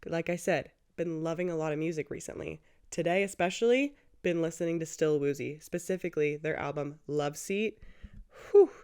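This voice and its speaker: A woman in her twenties hosts a casual solo podcast, chatty and gushing, her speech full of filler "like"s. She talks at a normal speed in a clean, slightly mellow tone, breaking into a squeaky, high put-on voice when quoting.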